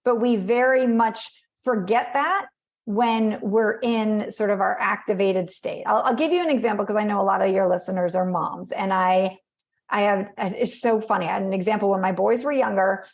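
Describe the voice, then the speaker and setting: A woman guest on a podcast, chatting in an animated way, acting out little voices and using many fillers. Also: medium pitch, moderate pace, vocal fry. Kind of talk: conversational podcast interview.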